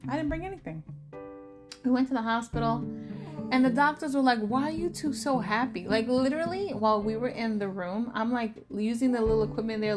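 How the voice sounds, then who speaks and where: A woman in her thirties talks casually to her viewers, lively and storytelling as she acts out friends and her husband. Her voice sits a little high. Music plays clearly behind her. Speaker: vlogger. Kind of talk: casual chat to camera.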